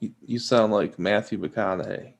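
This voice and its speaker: A man's voice: fairly low pitch, normal speed, creaky. Man reading aloud on a comedy podcast. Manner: reading aloud from a screen in short lines. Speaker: podcast co-host. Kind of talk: casual comedy podcast chat.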